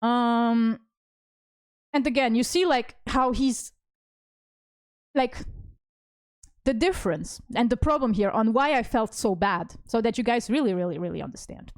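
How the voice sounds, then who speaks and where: A woman's voice: on the high side, unhurried, long pauses, no room sound, studio quality. A woman streaming as a vtuber, talking casually and rambling with lots of fillers and restarts. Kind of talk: casual stream talk reading chat messages.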